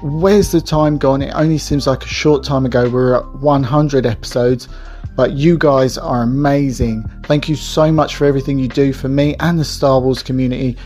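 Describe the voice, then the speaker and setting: A man giving an enthusiastic, warm-hearted recorded message of congratulations. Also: mid-range voice, steady tone, normal speed, faint music behind.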